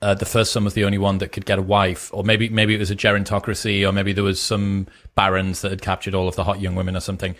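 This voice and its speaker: A man's voice: sits low, completely flat delivery, fast, hardly any pauses, a bit bright. A man hosting a conversation, telling rambling anecdotes and asking questions. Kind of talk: conversational interview.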